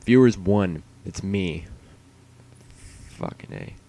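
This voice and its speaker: A man with a very low, mellow voice chats to himself on a livestream. His talk wanders and is full of swearing and jokes at his own expense, with the loose ease of someone killing time. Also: slow pace. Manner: rambling, profane and self-mocking. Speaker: streamer. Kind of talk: casual solo livestream chatter.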